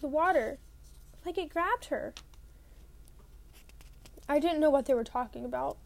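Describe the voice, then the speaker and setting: A woman with a high, mellow voice reads a novel aloud in the first person as an audiobook narrator. Her delivery is plain, and she sometimes rereads a line.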